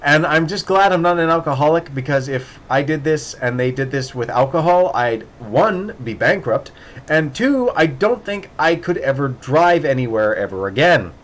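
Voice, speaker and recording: A man's voice: on the high side, lively intonation, normal speed. A man telling a casual, rambling story with many restarts and laughs, acting out voices in the quoted dialogue. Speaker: podcast host.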